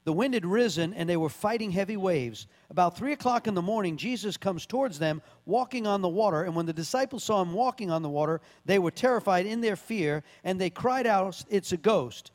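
High-voiced preaching man, reverberant hall. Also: lively intonation, fairly quick, few pauses. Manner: conversational preaching with emphatic bursts. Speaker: pastor. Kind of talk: sermon with scripture reading.

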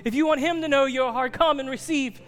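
A male pastor with a very high voice gives an earnest, pleading altar call. He sometimes drops to hushed near-whispers, and soft instrumental music plays faintly behind him. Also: fairly quick, long reverb tail.

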